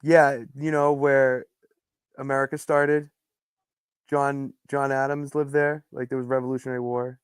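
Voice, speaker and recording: A man in his twenties chatting casually, with joking, deadpan asides. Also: medium pitch, measured pace, clear, resonant tone, no echo, studio quality. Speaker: panelist. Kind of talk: casual chat.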